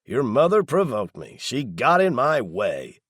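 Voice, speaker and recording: A male narrator voicing a stocky, bullying middle-aged stepfather who shouts with snarling contempt. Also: on the low side, big pitch swings, measured pace, slightly rough, dry recording, clean studio sound, heavily acted. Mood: furious.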